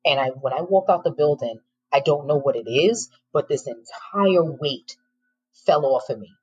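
A woman's voice: low voice, lively intonation, moderate pace, darkish tone, slightly rough, muffled recording. A middle-aged woman, a former teacher, frankly telling her personal story in an interview, with emotion and occasional laughter.

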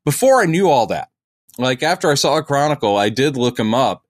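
A man's voice: mid-range voice, very animated, fairly quick, dry recording. A man co-hosting a podcast, chatting casually about comic books and acting out quotes in silly voices. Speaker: podcast co-host.

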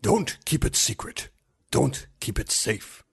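A man's voice: mid-range voice, sing-song, slow pace, vocal fry, fairly bright tone, slightly rough, heavily acted. A man doing an impression of a grave old male wizard for a podcast outro. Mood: solemn.

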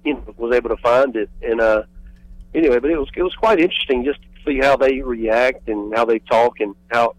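A man's voice: medium pitch, a little fast, dry recording, low-quality recording. A man calling in to a radio show, talking casually and hesitantly with many fillers. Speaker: caller. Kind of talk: casual call-in chat. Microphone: phone.

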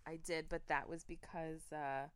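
A woman with a notably deep voice co-hosts a casual podcast. She chats easily and adds dry, short remarks. The sound is dry, with no room echo. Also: little pitch movement, measured pace, fairly bright tone, clean tone. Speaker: podcast co-host. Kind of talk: casual chat.

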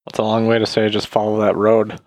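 A man's voice: fairly low pitch, monotone, brisk, darkish tone, dry recording. A man playing a tabletop game, throwing in teasing quips. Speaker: player.

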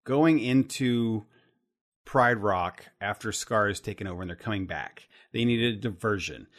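A man co-hosting a casual podcast chat, animated and quick to laugh, with many fillers and restarts. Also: on the low side. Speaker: podcast co-host.

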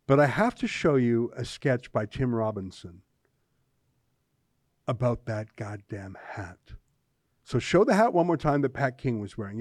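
A man's voice: mid-range voice, darkish tone, no echo. Wry, rambling man host. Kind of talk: casual political panel talk.

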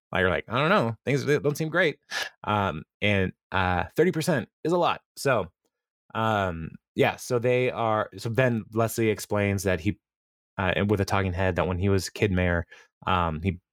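A man's voice: low-pitched, dry recording, clean studio sound. A man hosting a podcast, casually recapping episodes, rambling and often laughing as he quotes characters. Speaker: podcast host.

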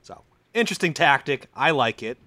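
A man casually telling a comic story on a podcast, acting out the people in it with loud, high put-on voices. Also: expressive, a little fast, no room sound.

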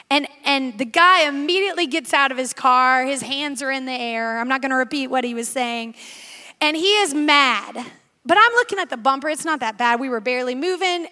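A woman preaching a sermon, telling stories in quick, animated bursts. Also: high voice. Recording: reverberant hall.

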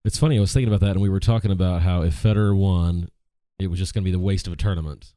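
A man co-hosts a casual podcast, easygoing and quick to laugh. His voice is very deep and dark, and he talks fast. The sound is dry and close. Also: no room sound. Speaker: podcast co-host. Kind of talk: casual chat.

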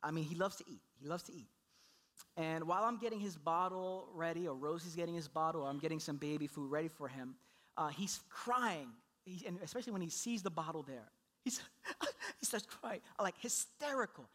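Male pastor, young adult, sermon, storytelling, animated, slips into playful voices. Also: on the high side, a little fast.

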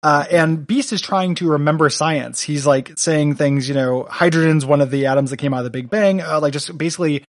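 A man's voice: a little high, a little fast, few pauses, no echo. Casual rambling man on a dry mic. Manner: rambling, many fillers, reads villain lines aloud. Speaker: podcast co-host. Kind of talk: casual comic book discussion.

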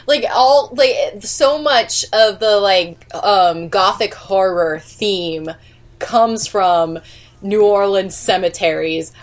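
A woman from California on a podcast, telling stories in a lively way and laughing often. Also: mid-range voice, takes it slowly. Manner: animated storyteller, laughs often. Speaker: podcast co-host. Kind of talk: casual chat.

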